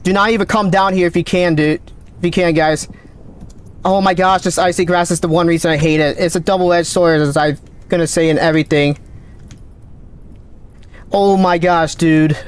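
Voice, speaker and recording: Man streaming a game, high voice, excited commentary, voice cracking. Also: clean tone. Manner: excited, calls out numbers rapidly. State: voice cracking, thirsty. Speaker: gaming streamer. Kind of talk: live gameplay commentary.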